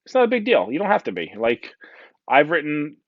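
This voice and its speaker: A man's voice: fairly high pitch, huge pitch swings, fairly quick, no echo, dull audio. A man with a New Jersey accent giving a casual, joking conference talk full of fillers. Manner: chatty, joking, many fillers and "right?". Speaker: conference speaker.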